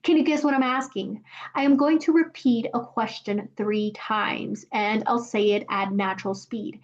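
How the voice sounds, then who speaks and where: A woman teaching a scripted language lesson, speaking slowly and carefully when she demonstrates phrases. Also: on the high side, steady tone, lo-fi sound. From Mexico. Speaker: Spanish teacher.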